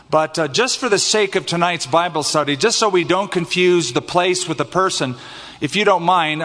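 A man leading a Bible study in an earnest, explaining manner, reading verses and pausing to clarify. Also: on the high side, a bit bright, big-room sound.

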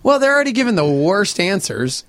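Excitable high-voiced radio co-host. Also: male voice, brisk, dry recording. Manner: excitable, exasperated outbursts. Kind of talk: morning radio banter. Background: music bed.

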